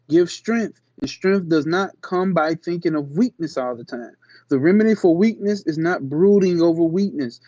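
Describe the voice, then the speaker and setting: A man's voice: on the high side, a little mellow, no echo, lo-fi sound. Slangy man reading and riffing. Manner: slangy asides between slow emphatic reading. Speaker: channel host. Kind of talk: reading aloud with casual commentary.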